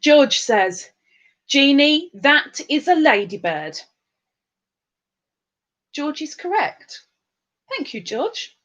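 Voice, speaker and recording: Slow-talking woman with a sore throat. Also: sits high, very animated, a bit bright, muffled recording. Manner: chatty, self-mocking, reads out comments. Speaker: livestream host reading viewer comments. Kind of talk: casual chat.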